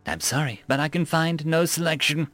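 A man's voice: fairly high pitch, moderate pace, fairly bright tone, no room sound, faint music behind, lightly acted. A man voicing a smug, overly polite male food-dispenser machine in a story reading. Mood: prim. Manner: prim, customer-service politeness, sly. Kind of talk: story narration.

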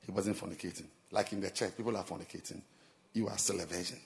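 A male pastor preaching a sermon, animated and laughing, firing rhetorical questions at the congregation. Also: sits low, quick pace, creaky, big-room sound.

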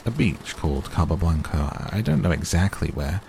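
A man's voice: low voice, very animated, moderate pace, gravelly, a little mellow, a little hiss or hum, full character voice. A man reading a curt, reluctant scientist. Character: busy, reluctant male scientist. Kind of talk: audiobook character reading.

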